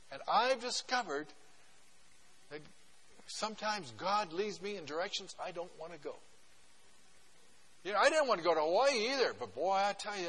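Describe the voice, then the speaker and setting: Older male guest pastor, folksy conversational sermon, slightly high voice, long church echo. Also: fairly bright tone, husky. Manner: folksy, conversational preaching with acted-out prayers. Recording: long reverb of a church hall.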